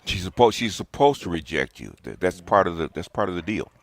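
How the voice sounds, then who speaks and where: A man's voice: low-pitched, animated, fairly quick. A man speaking on a casual panel discussion, emphatic and repeating his words as he thinks. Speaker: panel guest.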